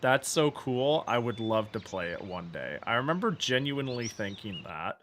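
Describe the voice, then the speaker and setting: Bright-voiced, sarcastic male streamer. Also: mid-range voice, very animated, moderate pace, slight background noise. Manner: sarcastic, exasperated, laughs and swears. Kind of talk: casual gameplay commentary.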